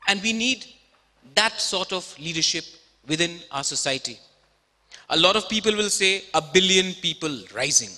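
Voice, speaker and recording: A man in his thirties delivers an emphatic stage talk full of rhetorical questions. His voice is high and sharp, and a long reverb from the auditorium trails every phrase. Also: lively intonation, moderate pace, long pauses. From India. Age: 30s. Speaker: speaker. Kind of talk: TEDx talk.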